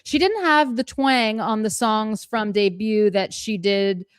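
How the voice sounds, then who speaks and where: A woman's voice: medium pitch, measured pace, clean tone, no room sound, clean studio sound. A woman co-hosting a live fan stream, gushing and chatty, laughing often between points. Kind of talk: casual live-stream chat.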